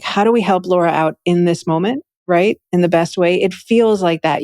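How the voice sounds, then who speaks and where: Chatty, lively woman, low-pitched voice. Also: dry recording, clean studio sound. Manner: enthusiastic, chatty, frequent "like" and "right?". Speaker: guest, Akashic Records reader and teacher. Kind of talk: casual interview conversation.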